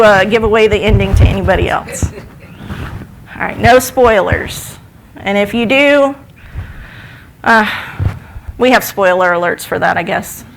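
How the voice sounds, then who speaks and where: A woman's voice: fairly high pitch, fairly bright tone, a little hiss or hum, rough recording. A woman telling a parable in a sermon, in a conversational way, asking her congregation questions. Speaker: speaker at a church service. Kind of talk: sermon storytelling.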